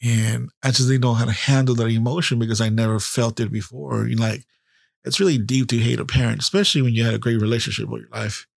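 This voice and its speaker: Gravelly man in his fifties, swearing. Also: mid-range voice, little pitch movement, quick pace, no room sound, studio quality. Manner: candid, heavy swearing. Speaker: podcast host. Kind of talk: casual personal storytelling.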